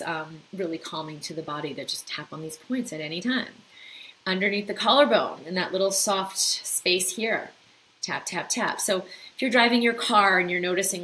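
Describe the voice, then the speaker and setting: Gentle woman guiding a tapping exercise. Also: on the low side, rough recording. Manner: gentle, soothing, demonstrates calmly with breath cues. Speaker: doctor teaching mind-body techniques. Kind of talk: guided tapping instruction.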